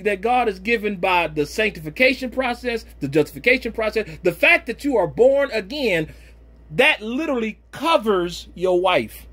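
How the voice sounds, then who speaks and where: A man with a high-pitched voice preaches on his podcast. He swings from fired-up, loud exhortation down to low, quiet murmurs. He drops in folksy slang asides as he goes. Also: animated, normal speed. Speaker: pastor and podcast host.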